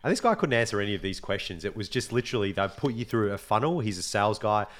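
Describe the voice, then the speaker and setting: A man with an Australian accent, co-hosting a podcast in casual chat, telling stories with lively swearing. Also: lowish voice, quick pace. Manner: animated storyteller, swears freely. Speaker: podcast co-host.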